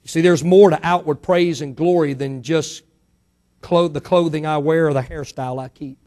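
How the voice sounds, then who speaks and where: A man with a noticeably high voice delivers a church sermon. He is middle-aged and emphatic, pressing rhetorical questions and letting his voice climb and drop for effect. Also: steady tone, moderate pace, warm tone. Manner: emphatic preacher, rising and falling dynamically, rhetorical questions. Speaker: pastor.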